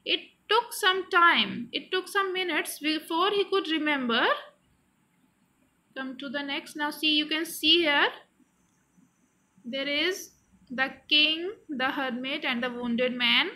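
A woman teaches a story, reading each line and then explaining it again in plain words. Her voice sits high and bright. She takes an unhurried pace. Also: poor audio. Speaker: English teacher.

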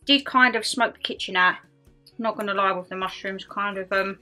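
A woman's voice: medium pitch, moderate pace, pushed and bright, faint music behind. A woman vlogging casually to camera over dinner, chatty and self-mocking, talking with her mouth full. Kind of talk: casual chat to camera while eating.

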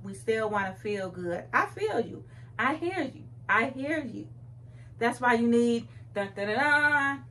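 Recorded on a phone at home, this young fashion vlogger casually and playfully chats about clothes directly to her viewers. Her voice is mid-range, and there's a little hiss or hum.

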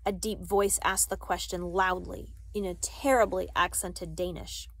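A woman reading a children's novel aloud in a measured, expressive way. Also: on the low side, vocal fry. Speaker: audiobook reader.

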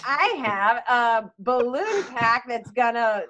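A woman at a tabletop game with a high voice that rises and falls widely. She talks in an unhurried way, giggling as she goes. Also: dull audio. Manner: giggly, animated. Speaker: player.

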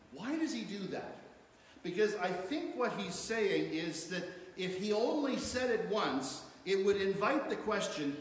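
A pastor reads scripture during his sermon, his emphasis rising as he goes, in a high-pitched voice with big pitch swings and a slightly slow delivery. The setting is a church sanctuary, and the recording has the echo of the hall plus faint room noise.

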